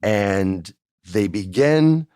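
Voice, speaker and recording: A man's voice: lowish voice, animated, very slow, dark tone, smooth, dry recording, studio quality. A man hosting a podcast, telling a casual first-person story in a chatty way and acting out the dialogue. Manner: chatty, acts out quoted dialogue. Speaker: podcast host.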